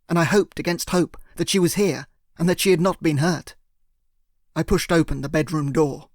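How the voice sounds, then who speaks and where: A man narrating a first-person thriller audiobook in a steady, earnest way. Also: a little high, no room sound, clean studio sound.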